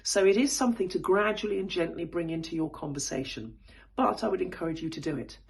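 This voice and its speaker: A woman coaching public speaking, who explains vocal technique in a thoughtful way and shows examples by moving her pitch from high to low. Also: fast talker, gravelly, breathy edge. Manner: thoughtful, with frequent fillers and restarts. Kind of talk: spoken voice lesson.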